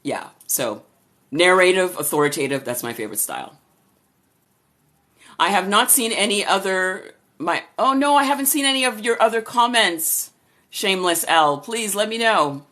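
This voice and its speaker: A woman voice-over artist with a low voice, casually chatting on a live stream and greeting viewers by name as she answers their questions. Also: expressive, normal speed, pushed and bright. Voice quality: low-registering voice. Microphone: camera or phone for a live stream.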